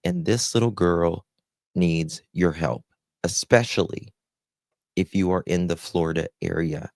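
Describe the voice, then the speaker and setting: A man with a very low, gravelly voice hosts a live stream, taking his time over every word. He greets his viewers one by one with heartfelt endearments. The sound is dry and close, with no room around it. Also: lively intonation, a little slow, darkish tone, no room sound. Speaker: livestream host.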